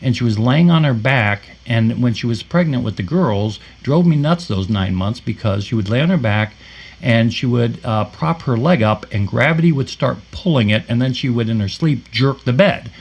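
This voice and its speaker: A man co-hosting a paranormal podcast, telling a personal story in a halting way with many fillers and restarts. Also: mid-range voice, lively intonation, breathy edge, muffled recording. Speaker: podcast co-host. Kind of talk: casual storytelling.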